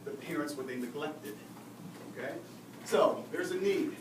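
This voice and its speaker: High-voiced man lecturing in an echoey room. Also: a little slow. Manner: lively, asks the audience questions, "right?" often. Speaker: behavior and communication expert giving a talk. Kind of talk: live seminar talk to an audience. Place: lecture room at a faculty club. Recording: roomy, distant mic with audible noise.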